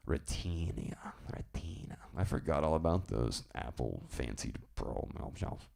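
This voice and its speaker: A man hosting a live stream, chatting casually and telling rambling, animated stories. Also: a bass voice, measured pace, gravelly. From southern United States. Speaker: live-stream show host.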